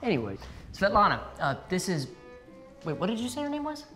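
An actor playing a boastful, friendly young rapper who talks in laid-back slang. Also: male voice, high-pitched, huge pitch swings, brisk, fairly bright tone, faint music behind, heavily acted. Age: young adult. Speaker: rapper, landlord.

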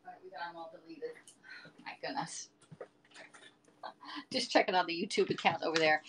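A woman's voice: lowish voice, moderate pace, long pauses, a little hiss or hum. A middle-aged woman in casual live-stream chat, rambling and chatty as she talks to viewers from her home kitchen.

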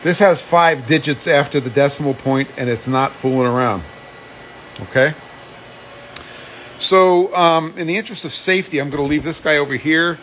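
Chatty machinist in a humming shop. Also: male voice, a little high, normal speed, a bit bright, slight background noise, poor audio. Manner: casual, chatty, reads out viewer comments, self-deprecating. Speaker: machinist demonstrating grinding. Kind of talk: live-streamed shop demonstration. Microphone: phone live stream.

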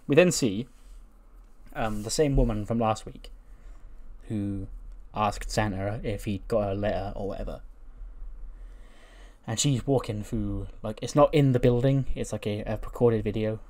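A man's voice: lowish voice, a little slow, warm tone. Chuckling man recapping a wrestling sim. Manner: rambling, chuckling, self-correcting. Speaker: gaming video host. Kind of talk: casual game commentary recapping a wrestling sim.

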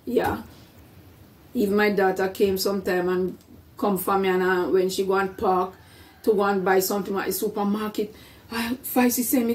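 A woman's voice: fairly high pitch, fairly even intonation, normal speed, darkish tone, far from the mic. A middle-aged woman telling her personal story in a casual vlog, earnest and full of faith, often repeating her words. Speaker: vlogger.

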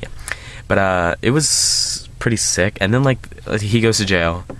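A man's voice: lowish voice, measured pace, fairly bright tone, slight background noise. A man hosting a casual movie review, rambling with lots of filler words and restarts.

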